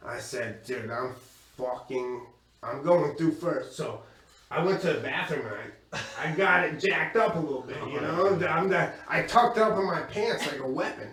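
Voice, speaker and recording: A man doing crude stand-up storytelling, profane and animated, laughing as he goes. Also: a little high, normal speed. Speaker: stand-up comedian. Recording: echoey room from far off with crowd.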